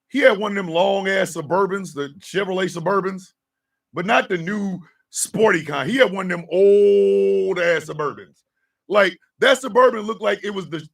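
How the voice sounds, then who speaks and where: A middle-aged man, hosting a morning radio show and telling profane, animated stories with shouted impressions. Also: high voice, gravelly, recorded from a distance. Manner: animated storyteller, profane, mimics drill sergeants.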